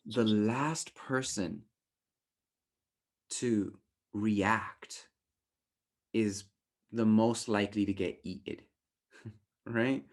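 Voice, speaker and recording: A young adult man teaching a relationship workshop in a casual, animated way, often acting out quoted thoughts in playful voices. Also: on the low side, extremely slow, long pauses.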